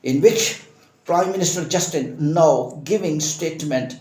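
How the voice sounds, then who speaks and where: Heated male commentator, somewhat high-pitched, recorded with a lot of room echo. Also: measured pace, a little mellow. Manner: emphatic and impassioned, repeats phrases for stress. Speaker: immigration news commentator. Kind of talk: opinionated news commentary.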